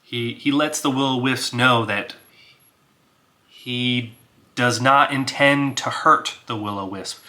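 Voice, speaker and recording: A man's voice: medium pitch, steady tone, slow, sharp tone. A man casually narrating his solo tabletop role-playing game, thinking aloud with filler words and small chuckles.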